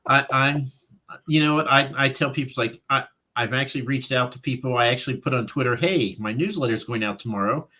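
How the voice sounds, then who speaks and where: A man, an author, chatting as a guest in an interview, animated and quoting his own past thoughts aloud with frequent laughter. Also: mid-range voice, brisk. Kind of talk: casual interview chat.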